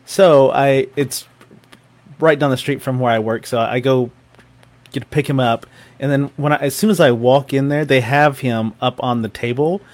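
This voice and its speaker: A man with a middle-pitched voice tells a story in casual chat. He acts out the other people in it, his pitch leaping up and down, and he laughs often. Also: moderate pace.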